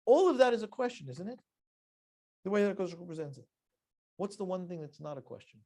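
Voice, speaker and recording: A man, a rabbi, teaching a religious lesson as an animated storyteller who laughs between lines. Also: high-pitched, brisk.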